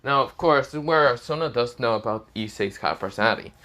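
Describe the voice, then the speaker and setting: A man's voice: medium pitch, lively intonation, brisk, sharp tone. A man improvising a fan-fiction story aloud, rambling with many fillers and self-corrections.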